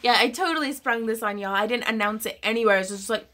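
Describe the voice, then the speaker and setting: A woman's voice: fairly high pitch, quick pace, pushed and bright. A woman hosting a casual craft livestream, chatty and giggly, reading viewer comments aloud.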